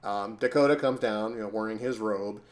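A man's voice: lowish voice, moderate pace. A man hosting a podcast, telling a comic made-up scenario in a rambling, filler-heavy way. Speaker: podcast host. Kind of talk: casual comedic storytelling.

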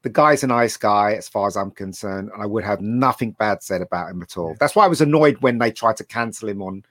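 A man's voice: fairly low pitch, a little fast, a bit bright, no echo. Man, opinionated, digressive, casual chat, dry recording. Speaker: podcast co-host.

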